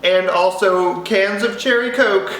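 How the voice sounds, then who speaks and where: A man's voice: high voice, measured pace, fairly bright tone, a little hiss or hum. A man telling a comedic childhood story to camera, rambling and interrupting himself with jokes. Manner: rambling, self-interrupting, jokey. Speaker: vlogger. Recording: echoey room.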